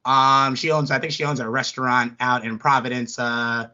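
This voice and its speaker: A man's voice: mid-range voice, normal speed. A young man, chatting casually as a podcast co-host and telling profane stories. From American South. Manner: animated, profane storytelling with mocking impressions. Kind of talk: casual chat. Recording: dull lo-fi audio.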